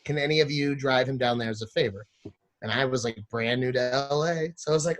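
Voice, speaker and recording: A man's voice: medium pitch, fast. A man, a podcast guest, telling a crude comic story with lots of swearing and acting out other people's lines.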